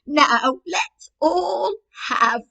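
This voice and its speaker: A woman voicing a lively, bold old grandmother in a storybook tale, speaking in high, exclaiming bursts. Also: drawn-out words, creaky, dull audio, heavily acted. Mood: feisty.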